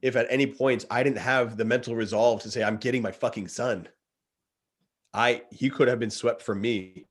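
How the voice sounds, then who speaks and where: A man's voice: mid-range voice, brisk, hardly any pauses, breathy edge. A man in his thirties, a guest, earnestly retelling a story in casual chat and often calling the listener dude. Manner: earnest, animated retelling, says dude a lot.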